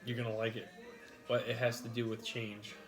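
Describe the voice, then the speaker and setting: A man with an ordinary mid-range voice who talks in a relaxed, teasing way, dropping hints about a surprise he is keeping to himself. Clear music plays behind him during the casual eating vlog. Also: moderate pace. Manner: teasing, secretive and low-key. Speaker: mukbang co-host. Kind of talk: casual chat.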